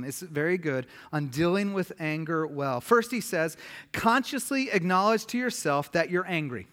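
High-voiced man preaching a sermon. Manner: animated preaching, listing points, dropping to quiet emphasis. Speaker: pastor.

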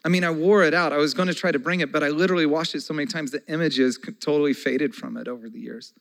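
A man in his forties preaching a conversational sermon as a pastor, moving between soft, slow passages and loud, excited ones. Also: a little high, creaky, poor audio.

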